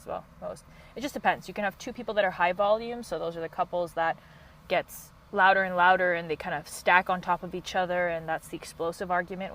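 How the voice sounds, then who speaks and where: A woman coach hosting a solo podcast, talking in a passionate, quick and high-energy way. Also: a little hiss or hum, poor audio. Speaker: podcast host and couples coach.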